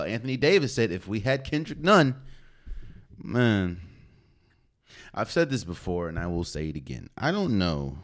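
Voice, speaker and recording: A man hosting a solo sports podcast, talking casually and opinionated, with slang and rhetorical questions. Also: low voice. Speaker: podcast host.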